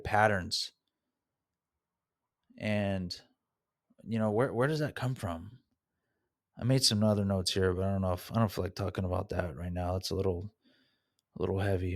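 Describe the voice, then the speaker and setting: A man hosting a solo podcast, reflecting candidly on his family and past in a soul-searching, unscripted way. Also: sits low. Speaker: podcast host.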